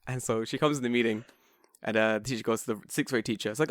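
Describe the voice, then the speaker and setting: A man, co-hosting a casual podcast, telling stories in an animated way, mimicking people and swearing freely. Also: mid-range voice, racing, dry recording, clean studio sound. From England. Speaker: podcast co-host.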